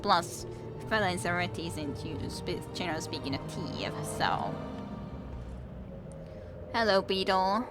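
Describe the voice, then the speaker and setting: Gal streaming a game, kinda low voice, slow and giggly, game music going behind. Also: female voice, animated. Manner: chatty, giggly, talks to the enemies she fights. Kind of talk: casual let's-play commentary. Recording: game music playing under the voice. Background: video game music.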